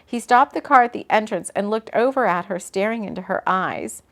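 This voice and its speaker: A woman, an author, reading her own book aloud in a relaxed way, breaking off for casual asides. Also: mid-range voice, fairly quick. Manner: chatty, laughs at her own slips and comments mid-reading.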